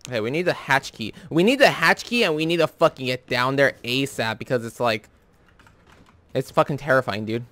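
A man's voice: mid-range voice, normal speed, dry recording. Profane, jumpy young male gamer. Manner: profane, jumpy, yells when scared. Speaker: gamer, let's-play host. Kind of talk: casual gameplay commentary.

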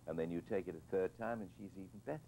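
A man's voice: low-pitched, very fast, warm tone, slight background noise, poor audio. An older man, a film director being interviewed, telling reflective anecdotes with hesitant restarts and repeated words.

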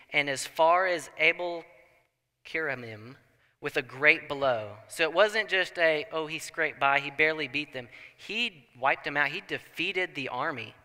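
A young man preaching a sermon in a church, telling the story with animated asides and acting out people's thoughts. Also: a little high. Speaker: pastor. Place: church sanctuary. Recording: long church hall reverb.

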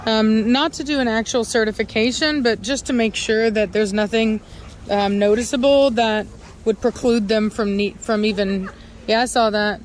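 A woman breeder chatting casually while handling her dogs in a yard, now and then calling to them in a high sing-song voice. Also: fairly even intonation, moderate pace. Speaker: dog breeder. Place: outdoor dog yard. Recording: faint outdoor noise.

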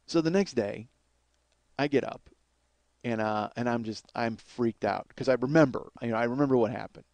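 A comedian host telling a crude personal story in a rambling, profane way, often repeating and restarting himself. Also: male voice, medium pitch, normal speed, vocal fry, a little mellow, no room sound.

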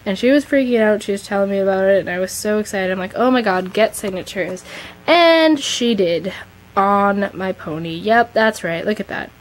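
A woman's voice: medium pitch, poor audio. A teenage girl giving a chatty, gushing tour of her model horse collection, talking to her camera as she films. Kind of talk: casual collection tour vlog.

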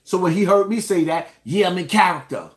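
A man's voice: sits high, brisk. A man ranting to his viewers in reaction commentary, emphatic and indignant, speaking straight to the audience.

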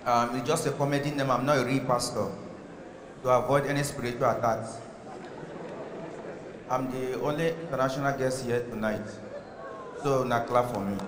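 A man from Cameroon doing stand-up comedy, chatty and building to loud, excited peaks. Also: medium pitch, moderate pace, pauses often, background noise. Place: live comedy stage in a large hall. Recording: echoey hall with a live audience.

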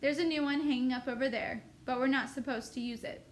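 A woman's voice: high voice, steady tone, brisk, a little hiss or hum, lightly acted. A woman reading a novel aloud, voicing a pert, teasing farm boy in a plain, lightly voiced way.

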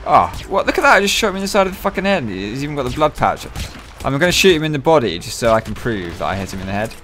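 A man giving profane, excitable, joking let's-play commentary. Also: mid-range voice, fast, a little hiss or hum. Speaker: gaming channel host.

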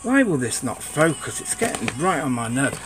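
A man's voice: medium pitch, big pitch swings, moderate pace, heavy background noise. A man giving a casual, rambling unboxing chat, grumbling and swearing at his camera. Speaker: sneaker vlogger.

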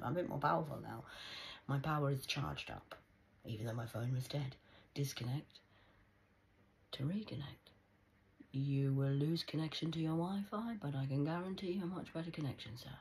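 A woman rambling in a monologue to camera, slipping between hushed whispers and sudden loud outbursts, swearing and speaking in a conspiratorial tone. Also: a bass voice, fairly quick, slight background noise, low-quality recording. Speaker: vlogger.

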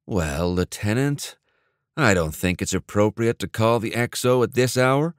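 A man's voice: lowish voice, normal speed, no room sound, clean studio sound, close to an everyday voice. A man narrating an audiobook and voicing a sneering male gunnery sergeant who snaps and condescends. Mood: condescending. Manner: snapping, condescending.

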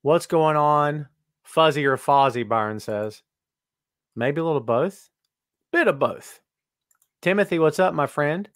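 A man's voice: a little high, animated, a little slow, no room sound, clean studio sound. A middle-aged man hosting a live-streamed wrestling podcast, joking and teasing as he greets viewers by name. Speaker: podcast host. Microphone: webcam live stream.

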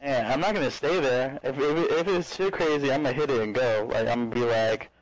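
A man's voice: mid-range voice, brisk, dull audio, a crowd in the background. A young man streaming a game, telling a long story in casual chat, full of "like" and swearing. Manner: rambling storyteller, heavy filler "like", swears freely. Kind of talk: casual chat while gaming.

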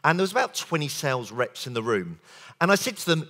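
Animated male keynote speaker. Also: on the high side, fast talker. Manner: animated, engages audience with show-of-hands questions and jokes. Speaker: sales trainer and conference speaker. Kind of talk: lively conference keynote talk. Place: conference hall.

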